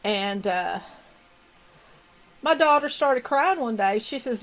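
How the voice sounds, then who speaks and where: A middle-aged woman, chatting to her stream as a folksy storyteller. Her voice sits a little high and climbs higher still when she coaxes someone nearby. She talks casually and freely, with many restarts. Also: takes it slowly, pauses often, faint music behind, poor audio. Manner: folksy, animated storyteller with sudden high coaxing asides. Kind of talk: casual storytelling to a live chat.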